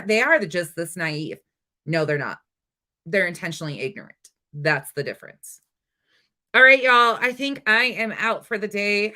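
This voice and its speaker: A woman's voice: mid-range voice, sharp tone. A woman hosting a casual livestream, talking bluntly and with exasperation, swearing freely and chatting with her viewers. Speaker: livestream host.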